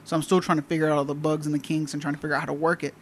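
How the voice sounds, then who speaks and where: A man casually telling a funny work story to friends, animated and laughing often. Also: fairly high pitch, rapid-fire, a little hiss or hum. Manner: animated, acts out callers' voices, laughs often.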